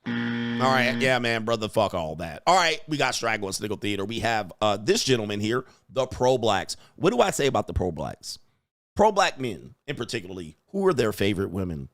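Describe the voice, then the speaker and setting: A man's voice: lowish voice, sing-song, a little fast, a bit bright, dry recording, clean studio sound. Brash mocking New man. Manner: brash and mocking, laughs often, mimics voices. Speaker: host. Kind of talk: loud, crude commentary on video clips.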